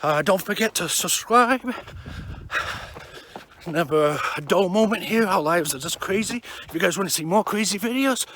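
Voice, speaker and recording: A woman's voice: on the low side, animated, moderate pace, a bit bright, a little hiss or hum. A woman in her thirties vlogging to the camera as a mom, chatty and exasperated, sometimes out of breath. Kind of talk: family vlog, talking to camera.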